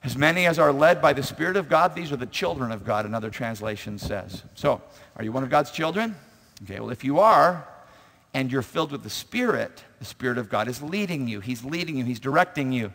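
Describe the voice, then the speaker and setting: A man's voice: medium pitch, lively intonation, fairly quick, gravelly, a bit bright. A man preaching a sermon as pastor in a church sanctuary, emphatic and repetitive, telling stories to the congregation. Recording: long reverb of a large hall.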